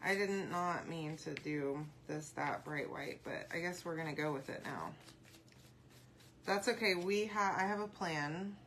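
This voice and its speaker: A woman's voice: sits low, unhurried, fairly bright tone, a little hiss or hum. Chatty woman painting on camera. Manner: chatty, rambling, talks to viewers while painting; answers live comments aloud. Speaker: craft video host. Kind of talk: casual crafting tutorial.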